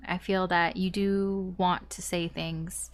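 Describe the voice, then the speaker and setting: A woman's voice: on the low side, little pitch movement, slow, smooth. Chatty woman giving a tarot reading. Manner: chatty, frequent fillers and restarts, light laughs. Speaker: tarot reader. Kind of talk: casual spoken tarot reading.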